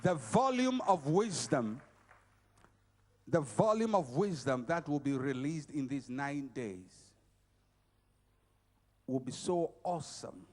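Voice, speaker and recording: A middle-aged man preaching a motivational sermon at a conference. He is emphatic and repetitive, swinging between shouts and quiet passages. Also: on the high side, lively intonation, slow, pauses often.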